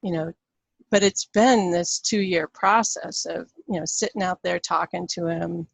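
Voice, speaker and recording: A woman's voice: on the low side, steady tone, a little slow, creaky, breathy edge, no room sound. A woman hosting a radio interview, chatty and friendly, who laughs often. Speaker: radio show host.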